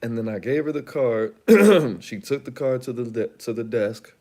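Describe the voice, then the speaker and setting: A man's voice: medium pitch, normal speed, darkish tone. A man hosting his own channel, telling a long story in a rambling, slangy, casual way with lots of asides. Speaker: channel host.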